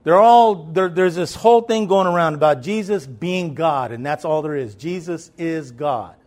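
A man's voice: a little high, normal speed, darkish tone. A man preaching a sermon in a loose, conversational way, with many fillers and swells of emphasis.

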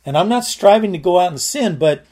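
A man's voice: sits high, expressive, brisk, warm tone. A man preaching a sermon, teaching verse by verse and explaining word meanings in an earnest, repetitive way.

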